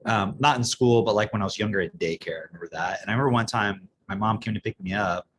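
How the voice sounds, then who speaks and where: Young male co-host, talks fast, lowish voice, sarcastic and profane, faint room noise behind. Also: fairly bright tone. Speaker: podcast co-host. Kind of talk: casual chat.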